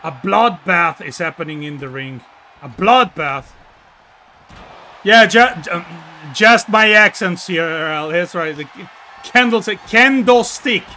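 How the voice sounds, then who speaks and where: A man with an Italian accent calling wrestling play by play, bursting into shouts on big moves and joking with his co-hosts. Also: on the high side, animated, measured pace, a little hiss or hum. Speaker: wrestling commentator. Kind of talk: excited play-by-play commentary.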